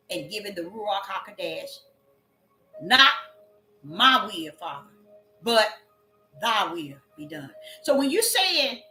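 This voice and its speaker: A woman's voice: mid-range voice, sharp tone. A woman preaching a sermon in an emphatic way, repeating her phrases and drawing out the scripture she reads. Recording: echoey room with faint music.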